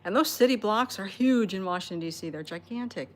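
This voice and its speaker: A woman's voice: mid-range voice, expressive, a little fast. A woman hosting a cat rescue livestream indoors, chatting casually with viewers, laughing often and cooing at the cats.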